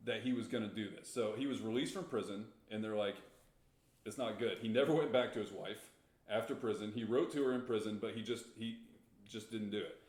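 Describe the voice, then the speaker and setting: A man's voice: lowish voice, a little mellow, roomy sound. A man co-hosting a podcast, casually retelling a story with rambling restarts and chuckles. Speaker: podcast co-host.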